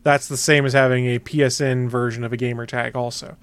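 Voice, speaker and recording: A man's voice: mid-range voice, little pitch movement, brisk, clear, resonant tone, dry recording. A man hosting a podcast, easygoing as he reads segment transitions and network promos. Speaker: podcast host. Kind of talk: casual chat and show promos.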